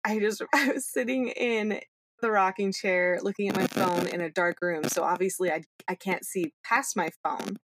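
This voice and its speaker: A woman's voice: medium pitch, steady tone, normal speed, background noise. A woman in her thirties co-hosting a podcast, telling a story in casual chat and laughing often.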